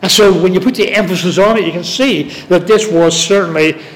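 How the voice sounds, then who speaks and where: A man teaching a Bible study in sermon style. He reads scripture slowly and deliberately, stressing words one at a time. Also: high voice. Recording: long reverb of a large hall.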